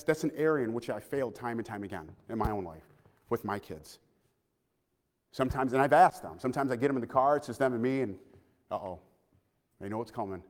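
A man preaching a sermon as pastor, dropping into soft confiding asides, then rising to loud fervent preaching and calling out for amens. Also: mid-range voice. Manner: calls out for amens from the congregation. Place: outdoor service by a pond. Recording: long hall reverb.

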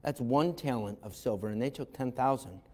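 Animated pastor, voice ringing in a hall. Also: male voice, medium pitch, normal speed. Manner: animated storyteller, acting out voices, wry asides. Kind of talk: sermon. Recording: long hall reverb.

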